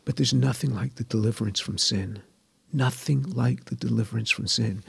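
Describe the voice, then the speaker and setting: A man in his sixties giving earnest personal testimony as an interview guest, repeating phrases and going soft and hushed when moved. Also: medium pitch, moderate pace, gravelly, husky, dry recording. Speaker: guest, scientist.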